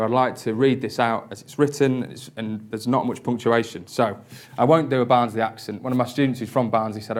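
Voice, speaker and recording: A man giving a public lecture as a university lecturer, speaking in a measured, articulate way with light self-deprecation. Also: mid-range voice. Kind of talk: public lecture with read-aloud passages.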